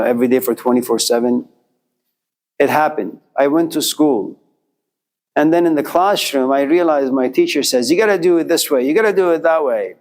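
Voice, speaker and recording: A man's voice: mid-range voice, a little mellow. A man lecturing to a class, telling a life story in a repetitive, rhythmic way with quoted inner voices.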